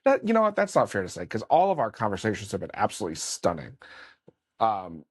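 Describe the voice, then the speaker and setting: A fairly low male voice with wildly swooping pitch, a fast pace, and a breathy edge, recorded without echo. He's a podcast host in his late thirties doing a casual interview chat, rambling loosely with many fillers and some mild swearing.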